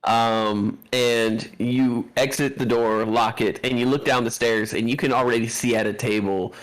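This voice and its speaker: A man's voice: mid-range voice, fairly even intonation, unhurried, poor audio. A man narrating as game master of a tabletop role-playing game, given to crude joking banter.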